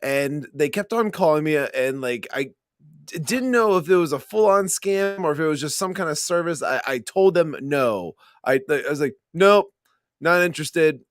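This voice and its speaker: A male podcast co-host telling stories in a chatty, halting way, full of restarts. His voice is a little higher than most men's. It is recorded dry and close, with no room echo. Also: expressive. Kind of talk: casual podcast chat.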